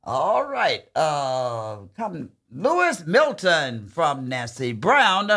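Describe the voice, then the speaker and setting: Female radio host, effusive, slow-paced, crisp bright tone. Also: on the low side. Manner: effusive, laughing, reads birthday shout-outs. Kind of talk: call-in radio chat.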